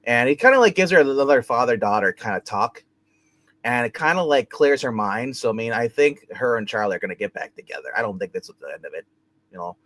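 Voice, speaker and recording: Male co-host, mid-pitched voice, loose rambling plot recap. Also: expressive, fairly quick, fairly bright tone, no room sound. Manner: rambling recap, heavy with fillers like "you know" and "like". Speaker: co-host of a TV review show. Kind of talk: casual episode recap.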